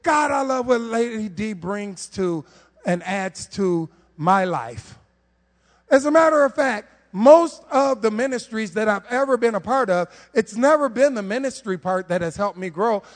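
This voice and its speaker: Man, preacher, very high voice, lively joking sermon, reverberant church hall. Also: measured pace. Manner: animated, humorous, rhetorical questions. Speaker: preacher on the worship team. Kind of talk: conversational sermon. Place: church sanctuary.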